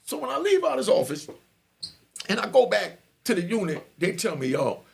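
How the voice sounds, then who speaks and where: A middle-aged man telling his own story casually, slangy and animated, often asking if you get him. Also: high voice, normal speed, creaky. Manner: animated, slangy, keeps asking "you know what I mean".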